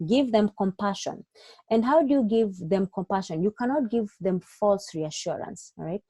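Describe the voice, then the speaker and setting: A woman's voice: mid-range voice, normal speed, warm tone, no room sound. A woman teaching an online exam-prep lesson for doctors, giving step-by-step advice and checking in with frequent "okay?". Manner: acts out doctor and patient lines in her own voice. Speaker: medical exam tutor.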